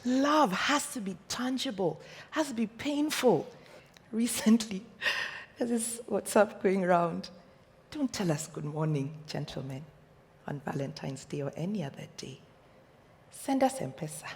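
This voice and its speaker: A woman's voice: mid-range voice, animated, a little slow, breathy edge, in a large hall. A Kenyan woman giving a passionate motivational talk from a stage, firing off rhetorical questions. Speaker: speaker. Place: stage in a large hall.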